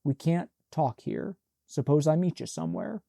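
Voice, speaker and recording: A man's voice: a little high, animated, normal speed, creaky, dark tone, dry recording, studio quality. A man playing a cool, self-assured young man in an audiobook, speaking tersely and without hurry. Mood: curt. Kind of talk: audiobook character voice.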